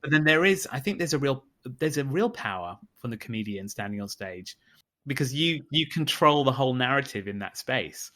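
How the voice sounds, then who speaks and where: A woman's voice: extremely low pitch, animated, moderate pace, fairly bright tone. A woman interviewing a guest, encouraging her with affirming responses and open questions. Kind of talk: casual interview.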